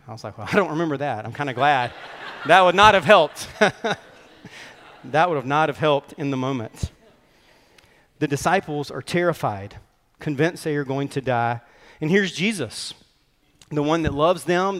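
Earnest pastor in a reverberant hall. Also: male voice, fairly high pitch. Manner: conversational, earnest preaching with quick asides. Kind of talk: sermon. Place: church sanctuary.

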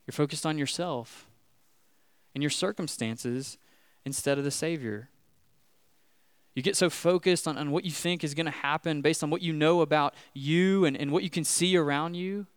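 A man's voice: a little high, no room sound, clean studio sound. A man preaching a conversational sermon in a casual way, often checking in with "right?". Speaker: pastor.

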